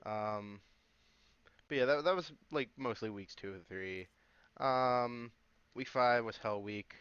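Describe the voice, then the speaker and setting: A man's voice: mid-range voice, slow, fairly bright tone, clear, resonant tone, no room sound. A man chatting casually on a podcast, laid-back, throwing in short agreements and slang. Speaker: podcast co-host. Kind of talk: casual chat. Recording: dull, muffled lo-fi mic.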